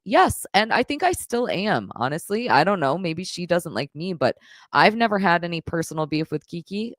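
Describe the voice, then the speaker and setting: A woman's voice: low-pitched, no room sound, studio quality. A woman hosting a live stream, reading viewer messages aloud and answering them in a blunt, profane, emotional way. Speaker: live stream host reading super chats. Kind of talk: casual live stream chat.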